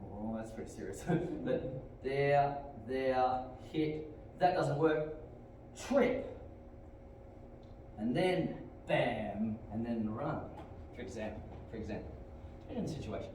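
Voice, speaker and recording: A middle-aged man with an Australian accent teaching a martial arts class, explaining techniques and barking sharp commands and kiai shouts. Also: medium pitch, expressive, slow pace, long pauses. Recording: very echoey hall, distant mic, faint room noise.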